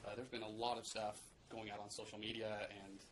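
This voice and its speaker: A man's voice: fairly low pitch, level tone, fairly quick. A man arguing as an attorney in a courtroom, urgent and repeating words as he presses his points to the judge. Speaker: attorney for the plaintiff. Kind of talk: courtroom argument. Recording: noisy courtroom recording.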